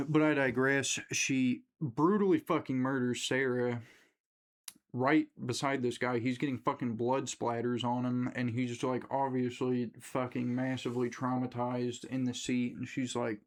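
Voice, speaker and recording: Young man, movie rant, casual, profane, rambling, mid-pitched. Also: level tone. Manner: rambling and profane, mimics characters in quick asides. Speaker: movie reviewer.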